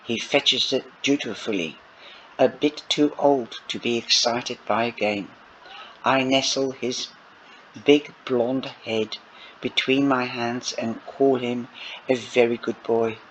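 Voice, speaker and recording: A man's voice: mid-range voice, steady tone, slow pace. A man reading a novel aloud and breaking off for chatty asides to his listeners, in a dull lo-fi recording. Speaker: audiobook reader. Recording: dull lo-fi recording with faint noise.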